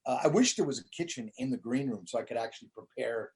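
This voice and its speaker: A man, a comedian guest, talking in a relaxed and loose way in a casual interview chat, leaning on lots of fillers. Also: medium pitch, fast talker.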